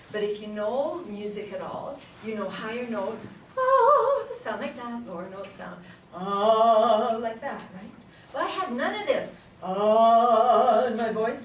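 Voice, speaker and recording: In a large room full of people, a woman singing teacher with a mid-range voice leads a voice workshop, heard distantly and off-mic with roomy echo and background noise. She's playful, laughs frequently, and sings vowel sounds to demonstrate.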